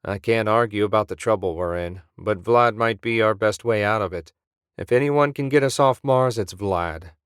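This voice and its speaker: A man's voice: lowish voice, moderate pace, clear, resonant tone, dry recording, studio quality, close to an everyday voice. A man voicing a confident, easygoing male smuggler hero in an audiobook. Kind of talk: audiobook character voice.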